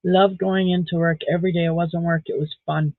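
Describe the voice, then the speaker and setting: A middle-aged woman chats casually on a live stream while crocheting, rambling along with dry, sarcastic asides. Her voice is fairly low, flat, and brisk, with no echo, and the recording sounds dry and tinny, like a phone.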